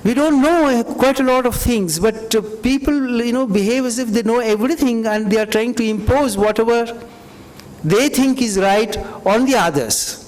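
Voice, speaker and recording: A man with a very high, darkish-toned voice speaks at a normal speed during a university lecture that includes audience questions. He's reflective and conversational, with frequent "you know"s, and the lecture hall sounds reverberant.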